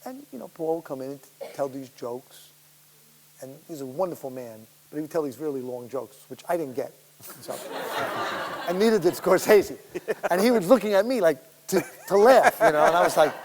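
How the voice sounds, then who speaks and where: A man who is a guest actor, telling rambling, animated anecdotes at a public Q&A, laughing and swearing as he goes. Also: on the high side, normal speed. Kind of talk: storytelling in a public Q&A. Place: school auditorium. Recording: echoey hall with faint hiss.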